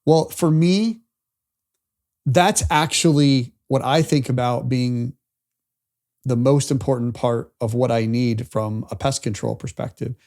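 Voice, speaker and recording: A man's voice: mid-range voice, measured pace, a little mellow. A man co-hosting a business podcast, telling stories casually and acting out the conversations he quotes. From lives in Tennessee. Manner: rambling storyteller, acts out quoted exchanges. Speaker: podcast co-host.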